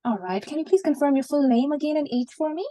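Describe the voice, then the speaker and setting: A woman's voice: sits high, expressive, quick pace, dark tone. Woman playing a reassuring junior doctor. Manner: polite, reassuring, many fillers. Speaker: student doing a mock consultation. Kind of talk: role-play clinical consultation.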